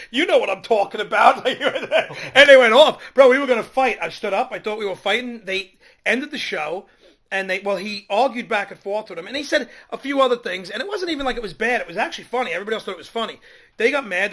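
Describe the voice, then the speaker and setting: High bright-voiced comedian telling stories. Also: male voice. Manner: animated storytelling, acts out quotes. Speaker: comedian co-host. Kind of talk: casual comedy radio chat.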